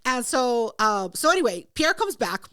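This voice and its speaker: A young woman on a podcast, telling a rowdy story with a high voice that leaps all over its range. She swears freely and acts out every quote louder than her own talk. The sound is dry and close, with no room around it. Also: moderate pace, dry recording. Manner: animated, profane, acts out quotes in raised voice. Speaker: podcast co-host. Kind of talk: casual storytelling chat.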